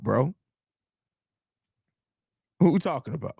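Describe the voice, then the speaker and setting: A man's voice: on the high side, expressive, moderate pace, no room sound, studio quality. A young man hosting a live sports podcast, joking and cursing loosely while answering chat. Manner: loose, profane, laughing banter with chat. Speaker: podcast host. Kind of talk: casual live-stream chat.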